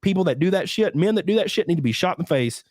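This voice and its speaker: A man hosting a casual streamed podcast, rambling through crude stories with a lively, swooping delivery. His voice sits a touch high for a man and sounds dry and close, with little room around it. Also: very fast, dry recording. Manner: crude, rambling, animated storytelling. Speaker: podcast host.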